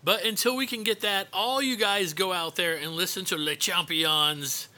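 Male podcast host, bright and a little high, joking and teasing. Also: normal speed, dry recording. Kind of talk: casual podcast banter.

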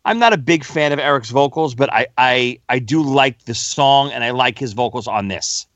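Male co-host, mid pitch, hesitant and rambling, dry lo-fi recording. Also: animated, moderate pace, fairly bright tone, no room sound. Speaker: podcast co-host. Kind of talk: casual podcast chat. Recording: dull, dry lo-fi sound.

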